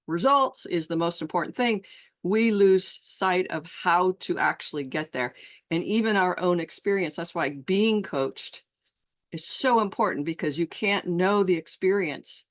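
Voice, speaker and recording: A woman's voice: on the low side, fairly bright tone. A middle-aged woman coach giving a reflective solo talk to fellow coaches, earnest and musing, who slips into the voices of clients. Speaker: transformational coach and trainer.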